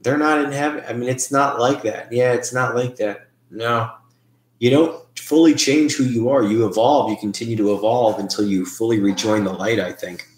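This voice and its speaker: A man's voice: mid-range voice, steady tone, normal speed, darkish tone, echoey room. A man hosting a live paranormal stream, chatting casually with viewers in a hesitant, rambling way, thinking aloud.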